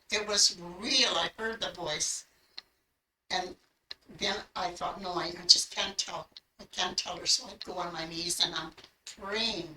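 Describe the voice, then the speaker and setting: An older woman recounts her own past with earnest feeling, bringing her remembered words to life. Her voice is bright and clear, and it comes from some way off in an echoey room. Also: medium pitch, far from the mic, slight background noise. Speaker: grandmother telling her life story. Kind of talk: personal storytelling.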